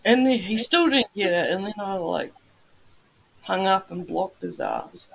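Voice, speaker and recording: A woman with a New Zealand accent talks casually to her livestream viewers. Her voice has a gravelly, fry-laden edge, and she takes her time between phrases. She is blunt and swears freely. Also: medium pitch, animated, unhurried, poor audio. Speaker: livestream host. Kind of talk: casual live chat with viewers.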